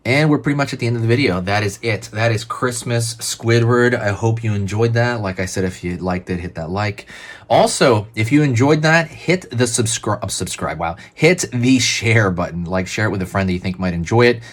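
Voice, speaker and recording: A man's voice: lowish voice, fairly quick, hardly any pauses. A man hosting a drawing tutorial, talking casually and calling out each stroke as he draws. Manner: relaxed, chatty, narrates each pen stroke. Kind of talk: casual step-by-step drawing instruction.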